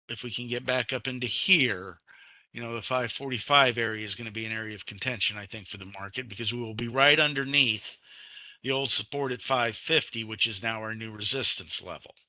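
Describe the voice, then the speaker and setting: A man with a very bright, sharp tone talks through commodity charts in a measured, explanatory webinar style. His voice sounds dry and close, with almost no room around it. He moves from point to point steadily, pointing out levels as he goes. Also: medium pitch, no room sound. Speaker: market analyst. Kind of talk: webinar market commentary.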